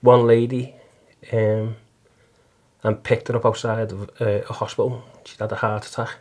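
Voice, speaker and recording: Man, Liverpool accent, middle-aged, earnest, halting, level flat voice. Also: fairly low pitch. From Liverpool, England. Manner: earnest, halting, repeats words. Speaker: guest, taxi driver and volunteer listener. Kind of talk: casual testimony interview.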